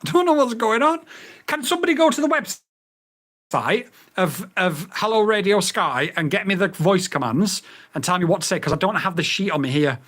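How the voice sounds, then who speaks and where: A man's voice: high voice, very animated, brisk, a bit bright. A man reviewing a drone radio in a casual vlog, getting exasperated and swearing as he repeats voice commands.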